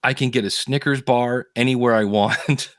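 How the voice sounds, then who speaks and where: A man hosting a podcast, telling animated stories in casual chat and acting out the people he quotes. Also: medium pitch, normal speed, no echo, studio quality. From United States. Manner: animated storyteller, acts out quoted voices. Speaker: podcast host.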